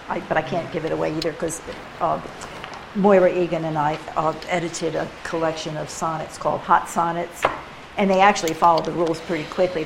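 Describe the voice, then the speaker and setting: A woman leading a poetry workshop, chatting casually with quick asides while recorded in a classroom. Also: lowish voice, creaky. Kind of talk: casual teaching talk. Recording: room ambience and background noise.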